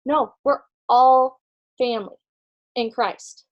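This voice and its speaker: A woman's voice: fairly high pitch, slow pace, dull audio. A woman retelling a faith story in a chatty way, with lots of ums and likes, acting out the dialogue as she goes. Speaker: speaker sharing conference notes.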